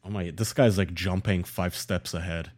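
A man's voice: low voice, steady tone, moderate pace, a little mellow. A man co-hosting a podcast, talking in a crude, mocking way and laughing often. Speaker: podcast co-host. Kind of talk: casual comedic chat.

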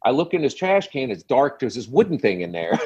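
A man's voice: medium pitch, very animated, fairly quick, darkish tone, husky, highs cut off. A middle-aged man, a guest telling a long comic story with punchy, acted-out quotes. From New York City. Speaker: guest comedian. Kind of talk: animated storytelling on a podcast.

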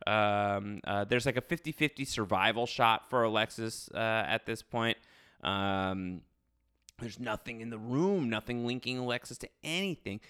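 Chatty man recapping, bright and smooth. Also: on the low side, moderate pace. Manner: chatty, recaps with acted quotes and fillers. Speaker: podcast host. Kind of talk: casual recap chat.

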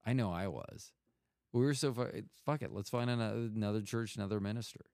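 A man's voice: on the low side, a little fast, gravelly, dark tone, dry recording, clean studio sound. A middle-aged man telling a rambling, profane story in casual talk, often cutting himself off. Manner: rambling, profane, self-interrupting.

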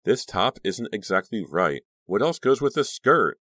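A man's voice: fairly low pitch, big pitch swings, unhurried, a bit bright, dry recording, clean studio sound, voice pushed up, full character voice. A man putting on a gushing, chirpy teenage girl. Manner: gushing, chirpy, talks over others. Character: bubbly pushy teenage girl.

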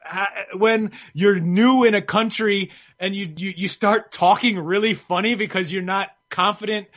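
A man co-hosting a boxing podcast in casual chat, talking in an excitable, rambling way with lots of restarts. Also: sits high, normal speed. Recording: slightly muffled lo-fi mic.

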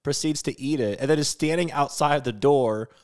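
A man co-hosting a podcast in casual chat, ranting with animated swings and swearing freely between laughs. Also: mid-range voice, normal speed. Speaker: podcast co-host.

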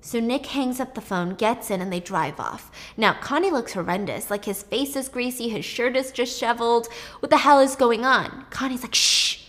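A young woman casually retelling a plot in an animated, chatty way, swearing now and then. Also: on the high side, moderate pace.

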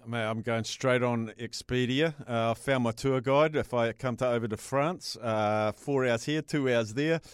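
A man's voice: medium pitch, normal speed, hardly any pauses, clear, resonant tone, dry recording, clean studio sound. A male host, chatting in a jokey, matey way. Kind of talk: casual interview.

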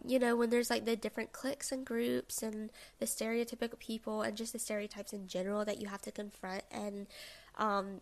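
A young woman with a lilt talks through her solo podcast in an easy, rambling way. Her voice sits in a middle pitch and crackles with strong vocal fry. She fills her talk with little asides and jokes at her own expense. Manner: chatty and self-deprecating, many fillers and asides. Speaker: podcast host. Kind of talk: casual solo podcast monologue.

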